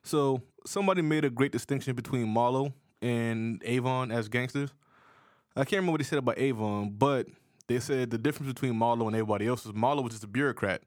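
A man's voice: mid-range voice, fast talker, no room sound, studio quality. A man co-hosting a podcast, talking loosely and profanely in a joking casual chat. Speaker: podcast co-host.

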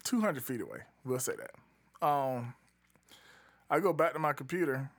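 A man chatting casually in relaxed slang, with lots of fillers, trailing off while he hunts for names. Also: mid-range voice, a little slow, slightly rough. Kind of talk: casual chat.

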